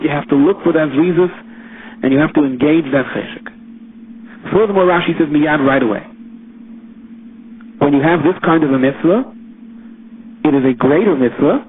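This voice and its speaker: Man teaching over a tinny line. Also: on the high side. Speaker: rabbi. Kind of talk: Torah lecture. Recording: tinny phone-line recording with faint hiss.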